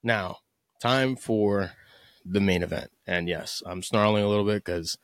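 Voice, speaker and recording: A man's voice: fairly low pitch, measured pace, no echo, clean studio sound. A man hosting a podcast, giving blunt, opinionated, profane commentary in a casual solo talk. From United States. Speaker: podcast host.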